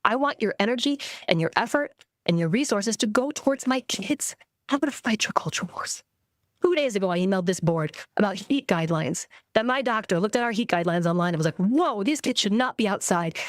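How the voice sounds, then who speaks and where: A woman's voice: fairly high pitch, lively intonation, fast, no room sound, clean studio sound. A woman in her thirties, a parent, speaking heatedly at a public school board meeting and filling her talk with "like". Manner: angry, heated, peppered with "like". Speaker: parent giving public comment. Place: public meeting room at a podium.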